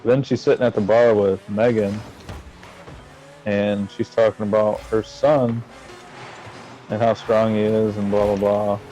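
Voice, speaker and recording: Profane storytelling man, mellow voice. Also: fairly low pitch, unhurried, pauses often, faint music behind, low-quality recording. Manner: animated, profane, acts out quotes in raised voices. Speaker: storyteller recounting a bar argument.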